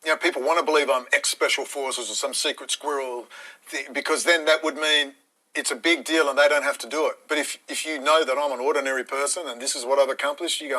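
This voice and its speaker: A man's voice: mid-range voice, steady tone, quick pace, bright, forceful tone, rough recording. Blunt, combative man ranting. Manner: blunt, combative, swearing, mocking voices. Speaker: live streamer. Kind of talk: ranting monologue on a live stream.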